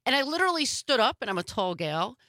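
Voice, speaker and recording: A woman hosting a talk radio show, chatting in an animated way and telling stories. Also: on the high side, quick pace, dry recording, studio quality. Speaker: radio host.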